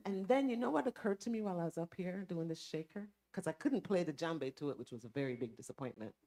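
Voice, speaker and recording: A woman's voice: on the low side, quick pace. A woman from Jamaica, chatting casually from the stage before introducing the minister. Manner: relaxed, chatty, lots of asides. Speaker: music leader introducing the minister.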